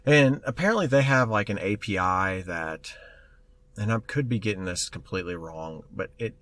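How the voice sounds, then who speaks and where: Low-voiced man telling stories animatedly. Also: normal speed, no room sound. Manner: animated storyteller, acts out quoted voices. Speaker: podcast co-host. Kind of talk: casual tech chat.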